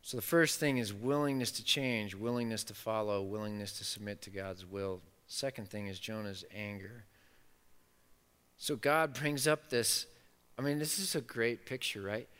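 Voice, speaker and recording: A man preaching a sermon, animated and playful, acting out the voices of the story's characters. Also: lowish voice, normal speed, clean tone. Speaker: pastor. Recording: long reverb of a large hall.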